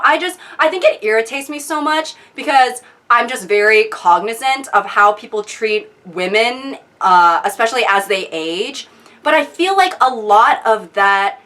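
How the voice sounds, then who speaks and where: A young adult woman hosting a comedic commentary video, sarcastic, animated and exasperated. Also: fairly high pitch. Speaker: video host.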